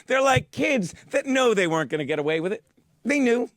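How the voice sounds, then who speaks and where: A man hosting a comic football picks show in a studio, foul-mouthed and mock-boastful, now and then bursting into shouts. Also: very high voice, fairly quick, a little hiss or hum. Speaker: host of a sports-betting picks show. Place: studio with a teleprompter.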